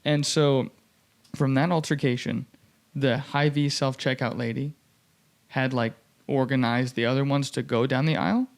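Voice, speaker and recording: A man's voice: mid-range voice, moderate pace, vocal fry. A young man hosting a podcast, telling a story in casual chat and acting out the people he quotes, with many fillers. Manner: animated, acts out quoted voices, many "like" fillers.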